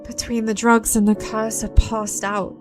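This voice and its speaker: Grieving young hairdresser in a video game, voiced by a female streamer; soft, subdued, high-pitched. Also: flat delivery, a little slow, over music, close to an everyday voice. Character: grieving young woman hairdresser recalling her past.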